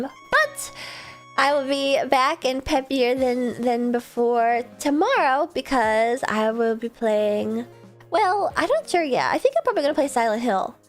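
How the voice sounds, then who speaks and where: A woman streamer chatting casually and rambling at the end of a gaming stream, sleepy and a little hoarse. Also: high voice. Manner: chatty, rambling, self-deprecating. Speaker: video game streamer. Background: faint background music.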